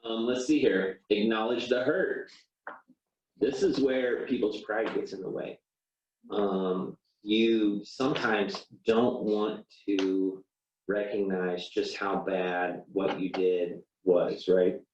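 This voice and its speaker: A man's voice: on the low side, steady tone, slow pace, darkish tone. Man, teacher, classroom lecture, chatty, acts out examples, distant mic, faint background hiss. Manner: conversational, acts out sample apologies, many "you know"s. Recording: roomy, dull classroom recording from far off.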